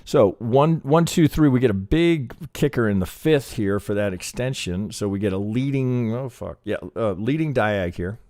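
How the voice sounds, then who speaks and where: A trading educator works through a chart in a live lesson, thinking out loud, swearing, and restarting his sentences often as he rambles. His medium-pitched voice is expressive and darkish, at a moderate pace with few pauses and no echo.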